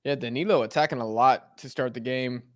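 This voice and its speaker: A man's voice: mid-range voice, brisk, dry recording, clean studio sound. A young man co-hosting a live watch-along, casually calling the football action as it unfolds and chatting between moves. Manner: relaxed, calls the play as it happens. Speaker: co-host of a match watch-along. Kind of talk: casual play-by-play commentary.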